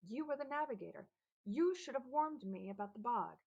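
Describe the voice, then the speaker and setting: A woman voicing a raspy, bossy adult male camp leader who snaps and barks commands in an audiobook. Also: a little high, animated, fairly quick, lo-fi sound, pitched above the performer's own voice, full character voice. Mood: indignant. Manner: snappish, commanding shouts. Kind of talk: audiobook character voice.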